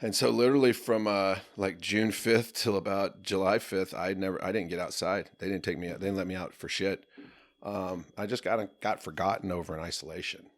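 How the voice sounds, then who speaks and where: A man telling a long personal story in casual podcast talk, profane and animated, sometimes shouting as he relives moments. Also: sits low, fairly quick, no room sound. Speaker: podcast guest.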